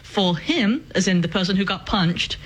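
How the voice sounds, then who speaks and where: A woman's voice: mid-range voice, animated, normal speed, breathy edge, poor audio. Female co-host, casual talk, earnest and thoughtful, careful restarts. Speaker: podcast co-host. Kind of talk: casual commentary chat.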